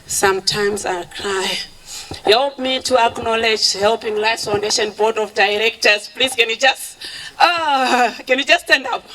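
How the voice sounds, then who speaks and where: A woman who founded a charity, giving an emotional event speech that switches between English and Shona and thanks people warmly. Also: a little high, moderate pace, slight background noise, rough recording. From Zimbabwe.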